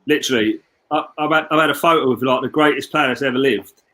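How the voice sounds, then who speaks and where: A man's voice: mid-range voice, fast talker, sharp tone. A man in casual podcast chat, grumbling in a jokey, self-mocking way.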